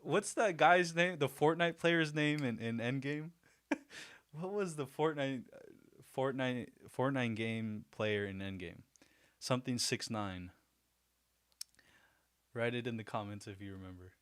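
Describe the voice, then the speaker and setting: A man's voice: medium pitch, measured pace, long pauses, a bit bright, clear, resonant tone. A man hosting a casual livestream, chatty and self-deprecating, laughing often as he talks to his viewers. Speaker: livestream host.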